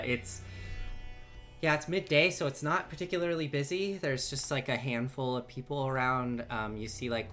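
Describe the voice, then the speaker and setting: A woman's voice: rumbling low, fairly bright tone. Woman running a tabletop game, lots of ums and restarts, music playing under. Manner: halting, full of ums and restarts. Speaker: game master. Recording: music bed behind.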